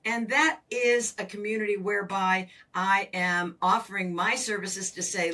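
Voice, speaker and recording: An older woman, a financial coach, explaining with emphatic, animated delivery as a podcast guest. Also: mid-range voice, moderate pace, few pauses. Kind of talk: podcast interview. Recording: voice distant from the mic.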